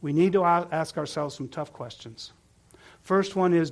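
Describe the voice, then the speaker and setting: A pastor preaching a sermon, earnest and asking the congregation questions. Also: male voice, fairly high pitch, normal speed.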